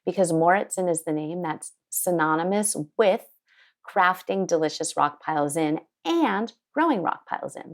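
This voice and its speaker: A woman winemaker telling an animated story in an interview, acting out the people she quotes. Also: low-pitched, creaky. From United States. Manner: lively, quotes people in put-on voices. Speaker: winemaker guest. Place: her home in Sonoma County.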